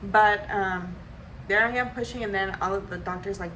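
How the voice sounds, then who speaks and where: A young woman vlogger telling a personal story in a casual, animated way, acting out what people said and leaning on "like" a lot. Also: mid-range voice, moderate pace, a little hiss or hum, low-quality recording. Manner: animated, acts out quotes, frequent "like".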